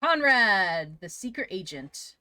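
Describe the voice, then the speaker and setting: A woman hosting a live stream, chatting casually and reading book blurbs aloud, quick to break into giggles. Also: mid-range voice, very animated, sharp tone, no echo. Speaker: streamer host.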